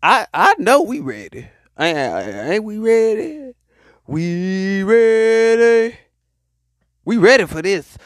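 A man preaches to his podcast audience, urging them to say it with him. His voice sits fairly high and swings widely in pitch. The recording is dry and close. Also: huge pitch swings, fairly bright tone, no echo. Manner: call-and-response exhortation, drawn-out hype. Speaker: podcast host. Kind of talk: motivational preaching monologue.

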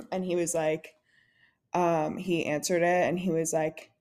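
Woman co-host, low-pitched, chatty storyteller who leans on "like" and quotes people. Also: steady tone, takes it slowly, darkish tone. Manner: storytelling with lots of "like" and laughter; acts out quoted lines in dialogue. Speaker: podcast co-host. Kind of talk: casual chat.

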